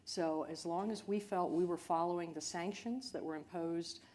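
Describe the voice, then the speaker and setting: A woman speaking as a company chief executive on a panel, in a measured, earnest way. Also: lowish voice, fairly even intonation, darkish tone. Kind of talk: panel discussion.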